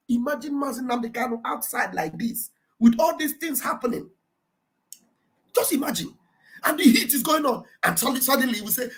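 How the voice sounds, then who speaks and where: A Nigerian man giving live political commentary, animated and mocking, often laughing and mimicking others, with a preacher-like fervor. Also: very high voice, fairly quick, low-quality recording. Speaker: livestream commentator.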